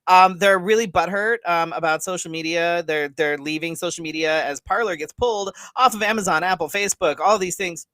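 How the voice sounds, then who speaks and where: A man's voice: high voice, brisk, hardly any pauses, sharp tone, no room sound. A man co-hosting a live talk show, adding wry, sarcastic asides in casual political chat. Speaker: podcast co-host.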